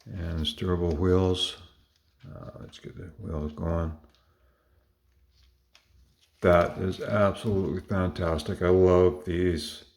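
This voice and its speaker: In a low, darkish voice with vocal fry and fairly even intonation, a man from Canada speaks slowly and pauses often. He's casually presenting his model cars, rambling with enthusiasm, plenty of fillers and small self-corrections.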